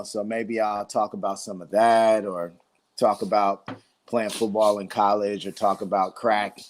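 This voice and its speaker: A man co-hosting a casual livestream chat, laid-back, often tagging sentences with "man" and "dude". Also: on the low side. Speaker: livestream co-host.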